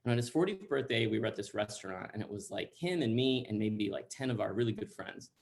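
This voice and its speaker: A man from Central Texas spins a comic personal story in an animated, chatty way, scattering likes and asides. He is heard over a video call mic. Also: lowish voice, fast talker, creaky.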